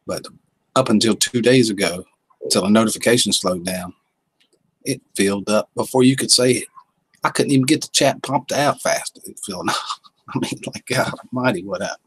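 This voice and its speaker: Husky man chatting on livestream. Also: fairly low pitch, moderate pace, no room sound, low-quality recording. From Southern United States. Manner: folksy, reads chat comments aloud. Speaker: livestream host. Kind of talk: casual livestream chat.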